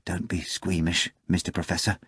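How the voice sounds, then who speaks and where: A terrified middle-aged bartender begs for help, his voice climbing high and loud with panic, as a male narrator puts him on. The storybook delivery is close and dry. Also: steady tone, moderate pace, dry recording, close to an everyday voice. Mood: wheedling. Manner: frantic, begging.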